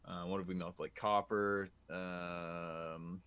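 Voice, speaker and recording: Lower-voiced young male co-host, bright tone, loose and rambling, profane. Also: level tone, slow, clear, resonant tone. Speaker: podcast co-host. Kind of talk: casual chat.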